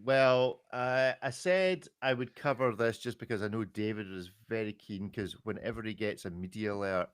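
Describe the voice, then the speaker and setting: A man's voice: lowish voice, moderate pace, few pauses, clean tone, dry recording, studio quality. A man hosting a casual podcast, chatty and joking, laughing often. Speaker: podcast host.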